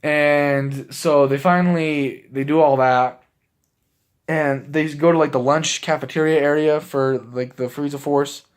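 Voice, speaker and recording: A man with a fairly high voice retells a film scene by scene in a loose, rambling way. He leans on fillers and restarts, and his excitement keeps spilling into laughter as he recaps for his viewers. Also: measured pace. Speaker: movie reviewer. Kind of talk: casual spoken movie recap.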